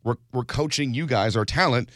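A man who manages a radio station, explaining behind-the-scenes work in a relaxed, measured way. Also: mid-range voice, dry recording, studio quality. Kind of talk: casual radio banter.

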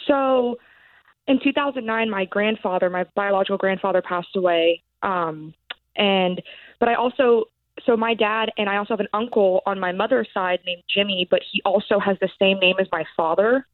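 A woman's voice: medium pitch, normal speed, no echo. Caller woman on a tinny phone line. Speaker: caller receiving a reading. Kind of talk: phone conversation.

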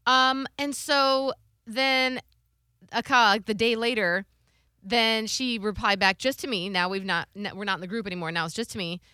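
A woman in her thirties tells a story with lots of animation, her voice bright and ringing with a slightly high pitch. The sound is dry and close to the mic. She chats casually and acts out what others said. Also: fairly even intonation, moderate pace, clean tone, no echo. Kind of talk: casual chat.

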